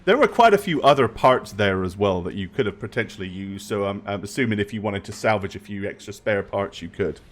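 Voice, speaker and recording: A man narrating as game master, describing scenes with hesitant pauses and restarts. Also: lowish voice, expressive.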